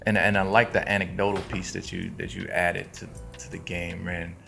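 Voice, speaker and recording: A man's voice: sits low, little pitch movement, moderate pace, creaky, sharp tone, soft background music. A man co-hosting a podcast, telling a personal story in casual chat with frequent laughs. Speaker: podcast co-host.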